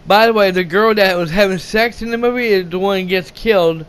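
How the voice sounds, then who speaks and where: A man's voice: high voice, fairly quick, smooth. A young man rambling through a casual movie rant, swearing often, stumbling over his words and restarting. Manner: swears a lot, stumbles and restarts, laughs, shouts quoted lines. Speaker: movie reviewer.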